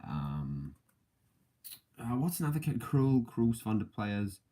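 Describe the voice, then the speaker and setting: A man's voice: medium pitch, very animated, measured pace, warm tone. A man hosting a casual podcast livestream, rambling with many fillers and self-corrections and laughing often between thoughts. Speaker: podcast host.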